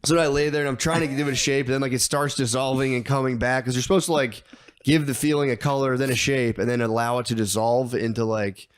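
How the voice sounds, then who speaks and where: A man's voice: mid-range voice, fairly even intonation, fast talker, smooth, dry recording. A young man co-hosting a podcast, telling a rambling story full of swearing and stammered restarts. He acts out his own thoughts and quotes as he goes. The sound is dry and close. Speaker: podcast co-host. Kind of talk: casual storytelling chat.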